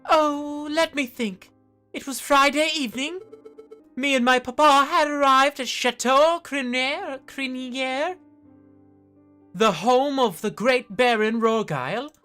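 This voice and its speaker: A woman voicing a sweet, naive young noble lady in a video game, speaking in an eager, high voice. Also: takes it slowly, a bit bright, soft background music. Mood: chatty.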